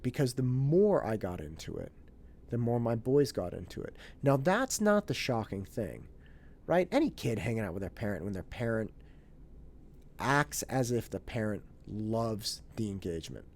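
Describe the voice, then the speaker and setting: A man in his thirties telling a story in a casual, animated way, acting out bits of family conversation. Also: lowish voice, moderate pace. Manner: animated, acts out family dialogue, restarts and fillers. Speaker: podcast host.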